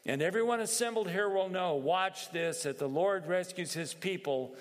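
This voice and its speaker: A man's voice: sits high, normal speed, voice pushed up, natural voice. A man voicing a bold young shepherd, defiant and fervent, proclaiming in a rising, emphatic way. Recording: long reverb in a hall.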